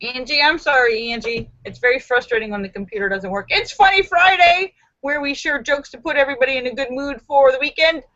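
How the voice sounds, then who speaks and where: A woman's voice: high voice, expressive, fairly quick, few pauses, bright, forceful tone, dry recording. A woman hosting a live stream, reading viewers' jokes aloud with theatrical flair, chatty asides and frequent laughter, on a dull, lo-fi computer microphone. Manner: theatrical, jumps into voices and shrieks for punchlines. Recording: dull lo-fi dry sound.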